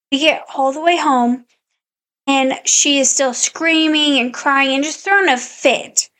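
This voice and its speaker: A woman's voice: high-pitched, a little slow, a bit bright. A woman podcast co-host in casual chat, animatedly telling a story and acting out her own quotes.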